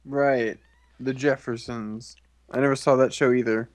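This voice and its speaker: A young man co-hosts a casual podcast with dry, quick-witted comebacks at a mid pitch. The recording is close and dry, with no room sound. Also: steady tone, no room sound. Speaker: podcast co-host. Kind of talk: casual comedic podcast chat.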